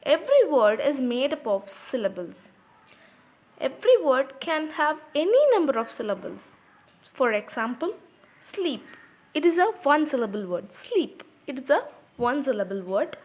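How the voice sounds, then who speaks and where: A woman's voice: sits high, sing-song, moderate pace, darkish tone. A woman teaching a lesson on poetry, explaining patiently and repeating example words aloud, in English with non-native grammar.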